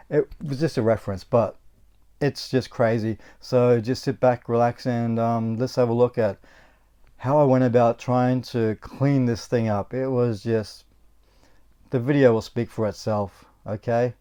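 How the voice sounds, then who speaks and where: A man's voice: mid-range voice, steady tone, unhurried, dark tone, clear, resonant tone. An Australian man casually narrating his restoration of an old game console, chatty and rambling, with lots of fillers and restarts. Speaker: host of a retro console restoration channel.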